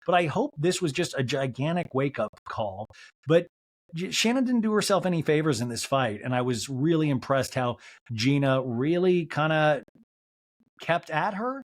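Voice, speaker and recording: A man hosting a podcast, recapping a reality show in a chatty, animated way, swearing and mimicking people's lines. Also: fairly high pitch, moderate pace. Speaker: podcast host. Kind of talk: casual solo recap.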